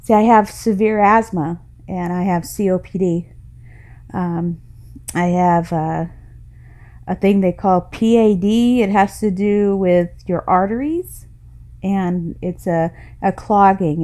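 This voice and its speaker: A woman's voice: fairly low pitch, mellow. A middle-aged woman talks through her own podcast in a loose, rambling, folksy monologue. She speaks with passion and laughs now and then. She is slightly short of breath. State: a little out of breath. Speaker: podcast host. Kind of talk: casual personal podcast monologue.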